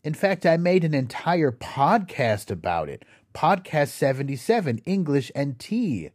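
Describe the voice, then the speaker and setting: A man hosting an educational podcast, reading a scripted explanation slowly and carefully and spelling words out letter by letter. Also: a little high, sing-song, a little mellow, no echo, studio quality. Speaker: podcast host.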